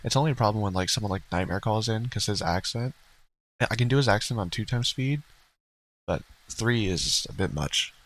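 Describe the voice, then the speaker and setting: A man's voice: on the low side, lively intonation, normal speed, a bit bright, poor audio. A man co-hosting a livestream in casual, rambling chat, blunt and profane, laughing now and then. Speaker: streamer co-host.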